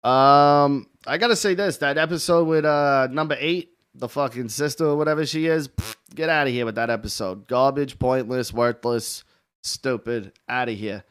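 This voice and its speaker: A man's voice: medium pitch, moderate pace, a bit bright, smooth. Blunt, swearing male show host. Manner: blunt, profane, rambling. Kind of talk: casual call-in chat. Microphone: headset or desk mic with headphones.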